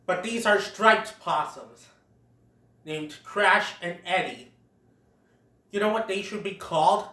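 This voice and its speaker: Slow-talking movie reviewer in an echoey room. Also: mid-range voice, pushed and bright. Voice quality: chatty, giggly retelling with quoted lines. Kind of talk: casual spoken film review. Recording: roomy echo, distant from mic.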